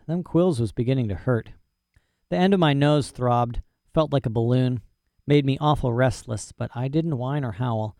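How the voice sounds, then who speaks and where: A man's voice: medium pitch, moderate pace, mellow, no room sound, studio quality. A man narrating a story in first person with a folksy, boastful manner and rural dialect grammar. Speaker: audiobook narrator.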